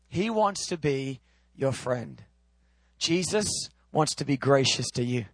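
A man preaching a sermon, swinging from loud, high proclaiming to low, quiet, intimate teaching. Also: lively intonation, slow, vocal fry, long pauses, no echo.

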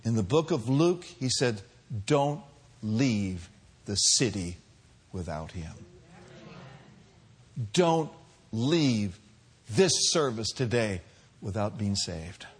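A man preaching a sermon as pastor, swinging from soft, drawn-out lines to loud, shouted calls. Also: medium pitch, very animated, slightly rough.

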